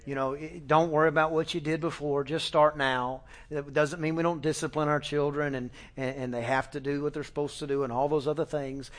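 A middle-aged man preaching a sermon in a folksy, animated way, with fillers and restarts, sometimes acting out family conversations. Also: a little high, a little fast, few pauses. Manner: acts out family dialogue with shifting voices. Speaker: pastor.

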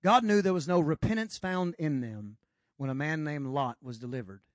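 A middle-aged man preaching a sermon in church, swinging between loud rises and quiet drops and acting out God's voice. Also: a little high, moderate pace, no echo. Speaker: pastor.

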